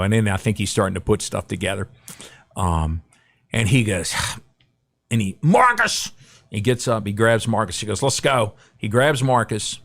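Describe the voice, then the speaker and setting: This is a middle-aged guest broadcaster in a podcast interview, speaking in a lowish voice. He recounts anecdotes and voices the quotes as he tells them.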